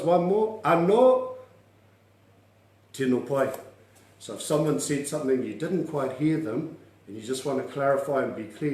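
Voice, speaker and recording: A man's voice: a little high, a little mellow. A man teaching an online language class, upbeat and coaxing, drilling words aloud and laughing often. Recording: echoey room.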